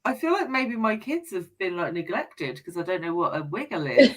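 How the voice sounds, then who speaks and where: A woman's voice: lowish voice, big pitch swings, moderate pace, rough recording. A woman in her forties hosting a casual book chat, reading out comments and laughing often. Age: 40s. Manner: chatty, laughs often, reads comments aloud. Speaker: podcast host.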